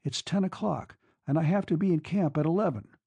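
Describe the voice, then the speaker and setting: A distraught young woman pleads down the phone in a shaky, broken voice, as a male narrator puts her on. Her voice sits noticeably higher than his own and stays soft and strained. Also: fairly quick, gravelly, husky, no room sound, lo-fi sound. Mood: pleading.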